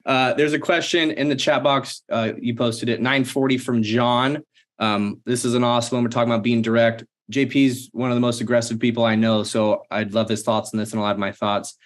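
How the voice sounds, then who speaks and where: A man's voice: mid-range voice, fairly even intonation, brisk. A man in his thirties, co-host of a leadership Q&A, talking earnestly and telling a personal story. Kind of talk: casual Q&A talk.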